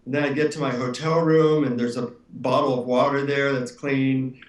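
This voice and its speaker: A man, an author being interviewed, telling relaxed anecdotes with frequent fillers. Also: medium pitch, moderate pace. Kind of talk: anecdotal storytelling. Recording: roomy room, distant mic.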